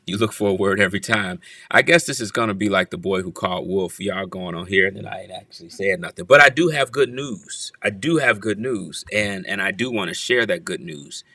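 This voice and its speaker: A man's voice: low-pitched, a little fast, hardly any pauses, pushed and bright, no echo. A man hosting a church livestream, greeting viewers one by one and playfully teasing them from his office. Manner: playful, teasing, repeats phrases.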